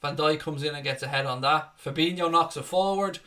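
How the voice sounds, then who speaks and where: A man's voice: fairly high pitch, a little fast, a bit bright. A young man giving live fan commentary on a football match, calling the play and breaking into angry, sweary rants. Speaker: fan watchalong host.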